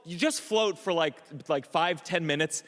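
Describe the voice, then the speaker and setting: A man doing a stand-up comedy set, telling an animated story full of stammers and restarts, acting out the voices of the people in it. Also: fairly high pitch, moderate pace, in a large hall. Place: comedy club stage. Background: audience laughter.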